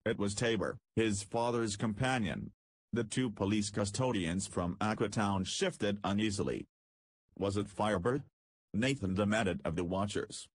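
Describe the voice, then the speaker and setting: A man narrating an audiobook in a measured storytelling manner. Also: lowish voice, breathy edge, no room sound. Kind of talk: scripted narration.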